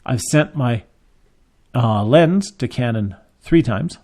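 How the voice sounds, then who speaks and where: Man doing a frustrated camera owner, gravelly, plain retelling. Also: mid-range voice, animated, slow pace, a little mellow.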